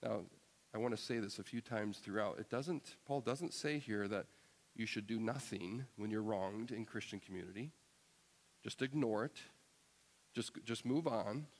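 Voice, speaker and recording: A man's voice: fairly low pitch, moderate pace, in a large hall. A man preaching a sermon as pastor, earnest and often repeating words as he explains a text. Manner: earnest, repeats words, acts out quoted voices.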